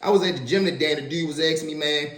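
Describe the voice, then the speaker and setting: A man in his twenties tells his stories in a slangy, animated way, often stopping to check in with his listeners. His voice sits a little high for a man. An echoey room surrounds it. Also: very fast. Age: 20s. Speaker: storyteller. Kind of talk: casual storytelling vlog.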